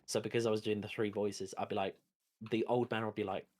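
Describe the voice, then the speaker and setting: A man chatting casually on a gaming stream, playful and quick to laugh and sing. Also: fairly low pitch, little pitch movement, a little mellow. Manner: playful, breaks into sung bits and laughter. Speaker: stream guest.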